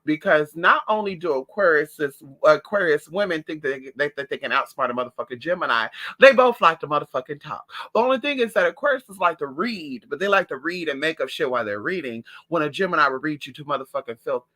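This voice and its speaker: A man talking in a sassy, profane, animated way in a casual gossip monologue at home. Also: a little high, fast, few pauses. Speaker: vlogger.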